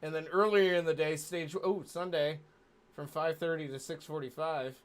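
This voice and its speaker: A man's voice: fairly high pitch, steady tone, normal speed, clean tone. A man co-hosting a casual stream, laid-back and crude, with many fillers. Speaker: podcast co-host. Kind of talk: casual profane chat.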